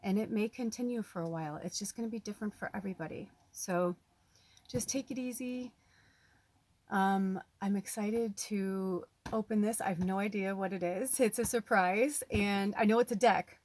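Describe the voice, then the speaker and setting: A woman on the US West Coast making a casual vlog as a spiritual medium, chatting excitedly while unboxing a gift. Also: medium pitch, moderate pace. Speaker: spiritual medium and tarot reader. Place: at home, off-grid.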